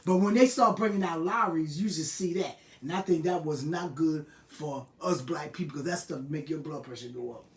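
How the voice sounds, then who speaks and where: A woman's voice: deep voice, normal speed, few pauses. An older woman hosting a live stream, chatting casually and fondly reminiscing, greeting viewers as she goes. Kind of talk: casual chat. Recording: roomy and distant from the mic.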